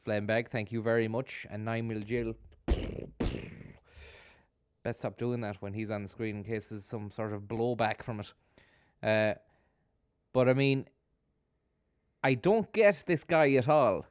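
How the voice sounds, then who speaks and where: A man's voice: fairly low pitch, measured pace, long pauses, smooth, no echo, clean studio sound. A man hosting a live stream, giving sardonic, rambling commentary on a video and swearing freely as he goes. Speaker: streamer host.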